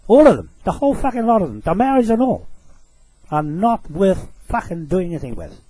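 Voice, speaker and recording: A man's voice: high voice, very animated, fairly quick, warm tone, a little hiss or hum, rough recording. A man delivering an angry, profane rant to camera. He accuses his target directly and repeats short phrases for emphasis.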